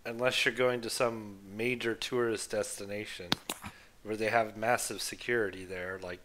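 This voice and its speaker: A man's voice: lowish voice, fairly even intonation, moderate pace, noisy background. A man on a voice call, chatting in a wry, matter-of-fact way. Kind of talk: casual chat.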